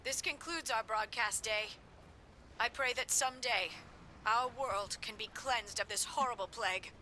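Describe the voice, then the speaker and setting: A solemn game announcer signing off the day, quiet and grave. Her voice is bright and slightly high, with faint noise behind. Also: normal speed, low-quality recording. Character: solemn woman ending a broadcast in a game.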